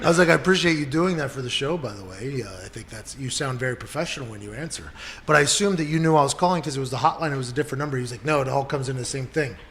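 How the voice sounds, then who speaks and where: A male podcast host chatting casually and acting out stories with lively quoted voices. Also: mid-range voice, racing. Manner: animated storyteller, acts out quoted calls. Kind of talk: casual chat. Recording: live audience crowd behind.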